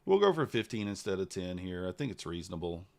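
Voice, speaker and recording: A man giving casual live commentary while trading, thinking out loud in an unhurried, low-key way. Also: sing-song, creaky. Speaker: livestreaming futures trader.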